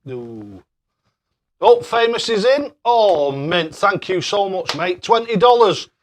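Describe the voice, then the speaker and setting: A young man runs a casual live stream with cheery, excitable chat. His voice sits a little high, and he keeps thanking viewers by name. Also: slow pace, slight background noise.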